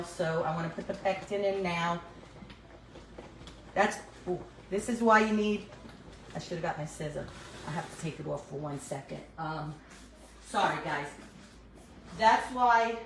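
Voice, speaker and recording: An older woman with a New York accent hosts a casual cooking livestream from her home kitchen. She chats and laughs often while she cooks and talks to her phone. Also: fairly low pitch. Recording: echoey room, faint background noise.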